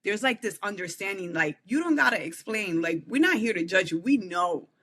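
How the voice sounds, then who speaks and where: A woman's voice: mid-range voice, expressive, moderate pace, a bit bright, husky. A woman who is a podcast guest, telling an emotional personal testimony in an earnest, heartfelt way with frequent "like" fillers.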